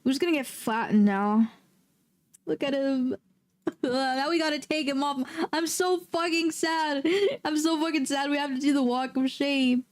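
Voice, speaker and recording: A woman streaming a game, chatting casually with viewers and breaking into loud, excitable, swearing outbursts. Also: high voice, normal speed. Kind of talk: casual livestream chat.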